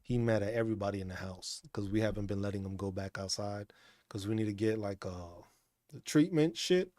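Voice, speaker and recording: This streamer host has a lowish, darkish voice and speaks a little fast, with no echo. He hosts a casual chat stream in a laid-back, profane way and laughs often.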